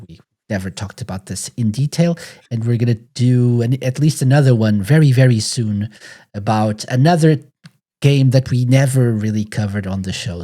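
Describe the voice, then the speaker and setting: A male podcast host with a mellow, darker voice, chatting casually with his guests. He sounds relaxed and laughs easily as he talks. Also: mid-range voice.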